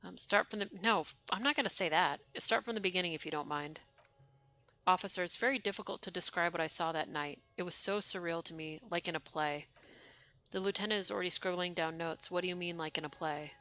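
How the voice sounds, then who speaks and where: A woman's voice: lowish voice, fairly quick, sharp tone. A young woman streaming a game, chatting wryly and reading its dialogue aloud. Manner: chatty, wry, reads game text aloud.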